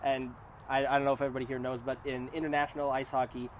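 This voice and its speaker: A man's voice: mid-range voice, level tone, rapid-fire, a little hiss or hum. A young man from Canada telling a rambling story by a campfire as podcast co-host. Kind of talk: casual chat around a campfire. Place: outdoors by a campfire.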